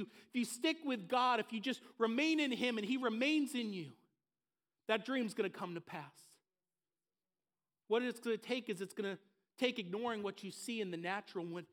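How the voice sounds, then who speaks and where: High-pitched impassioned male pastor. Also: a bit bright. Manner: building to impassioned, emphatic repetition. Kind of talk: sermon. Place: church service.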